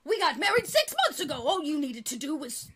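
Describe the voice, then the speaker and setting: A woman's voice: sits high, big pitch swings, fairly quick, a bit bright. A woman voicing a pompous, indignant male duke in a tabletop game, stiff and formal.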